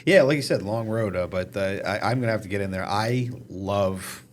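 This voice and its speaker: A man's voice: fairly low pitch, moderate pace, slight background noise. A man co-hosting a casual news chat show, laughing often and teasing the others. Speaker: co-host.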